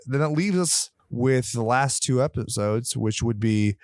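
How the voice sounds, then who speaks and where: A man co-hosting a podcast in casual chat, animated, sometimes slipping into silly voices as he tells stories. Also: medium pitch, a little slow, dry recording, clean studio sound. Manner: animated, slips into silly put-on voices when telling stories. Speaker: podcast co-host.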